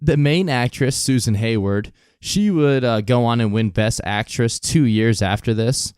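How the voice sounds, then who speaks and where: A man's voice: medium pitch, a little slow, darkish tone, clean tone, dry recording, clean studio sound. A man hosting a casual podcast, telling a story loosely with lots of swearing and laughter, sometimes reading out quotes. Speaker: podcast host.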